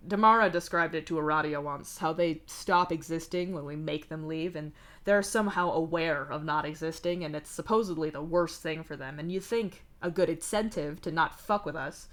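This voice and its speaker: A woman's voice: sits low, fairly bright tone. Woman narrating a fanfic live. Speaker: streamer reading fanfiction. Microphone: streaming mic.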